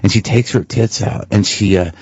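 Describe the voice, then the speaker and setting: A man's voice: fairly low pitch, normal speed, creaky, a little mellow, breathy edge, dry recording. A man telling candid, self-mocking stories as a comedian guest on a talk show, with frequent restarts and swearing. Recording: dull lo-fi radio broadcast.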